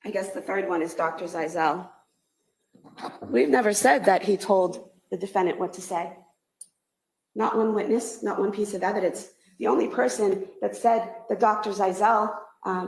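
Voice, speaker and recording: A woman prosecutor delivers a closing argument, her voice carrying a gravelly edge. She speaks in a measured, emphatic way and hammers her points home with repeated phrases. The courtroom audio is echoey. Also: mid-range voice.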